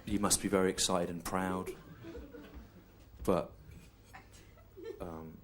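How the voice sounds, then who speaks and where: A male stand-up comedian telling a long story in a deadpan, slow, repetitive way, over audience laughter. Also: deep voice, heavy background noise.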